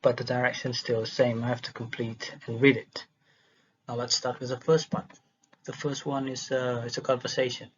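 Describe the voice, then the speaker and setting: A man's voice: mid-range voice, flat delivery, normal speed, a bit bright, husky. A man reading a dialogue transcript aloud for a listening exercise, stumbling and restarting words as he goes. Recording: dull lo-fi recording.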